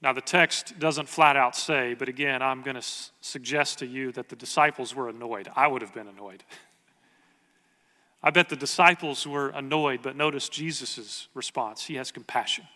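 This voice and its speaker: A man's voice: medium pitch, moderate pace, pushed and bright, long reverb tail. A man preaching a sermon as pastor, earnest and conversational, asking the congregation rhetorical questions.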